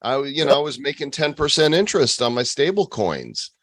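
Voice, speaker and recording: A man's voice: mid-range voice, big pitch swings, brisk, a bit bright, dry recording. A man playing a podcast quiz contestant, telling an anecdote in casual chat with a dry delivery.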